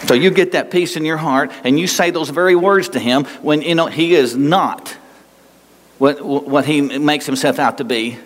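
A man preaching a sermon as pastor, animated and conversational, with asides. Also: fairly high pitch, normal speed, slight background noise. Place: church sanctuary. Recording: long reverb of a large hall.

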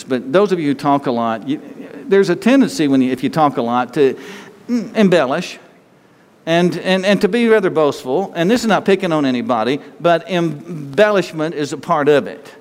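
Guy preaching in church, folksy and jokey, kinda high voice, long echo off the hall. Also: lively intonation, moderate pace. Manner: folksy, joking preacher who talks straight to the congregation. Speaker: pastor. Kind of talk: sermon.

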